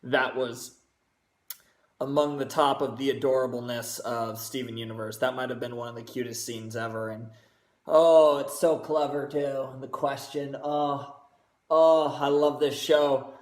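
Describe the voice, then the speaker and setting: A man hosting a reaction video, gushing excitedly and swearing heavily in casual commentary. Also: mid-range voice, a little slow. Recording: roomy echo.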